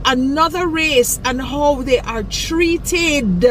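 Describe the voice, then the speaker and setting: A Jamaican woman with a high voice lectures emphatically and drives her warnings home. She speaks outdoors, and faint traffic hums behind her. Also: slow, a bit bright, low-quality recording. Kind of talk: outdoor video rant.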